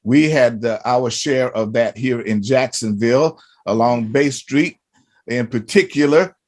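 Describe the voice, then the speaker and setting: A man's voice: medium pitch, unhurried, darkish tone. A man hosting an interview show, asking long, rambling questions full of restarts and fillers. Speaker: host.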